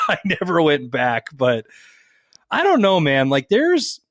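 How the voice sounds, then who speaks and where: A man from Las Vegas co-hosts a podcast, speaking at a medium pitch and a little fast. He tells animated stories in casual chat, swearing freely as he acts out what people said. The studio-quality recording has no room sound.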